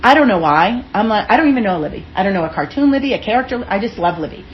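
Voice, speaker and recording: Middle-aged woman telling stories in an interview, chatty and lively, kinda dull lo-fi sound, faint hum behind. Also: medium pitch, rapid-fire. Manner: lively, chatty, acts out quoted voices. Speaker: interview guest, author. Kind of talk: animated storytelling in casual conversation. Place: indoor room with a fireplace.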